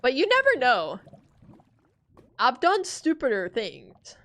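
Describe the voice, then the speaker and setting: A woman in her twenties giving casual gameplay commentary, animated and self-deprecating, cursing as she rants. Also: high voice, slow. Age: 20s. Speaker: gaming streamer.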